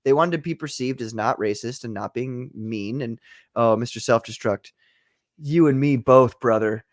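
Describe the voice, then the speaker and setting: A man's voice: medium pitch, moderate pace, no room sound. Give me a young man hosting a joking livestream chat, recorded dry and close. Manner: loose and joking, reads viewer comments. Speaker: show host.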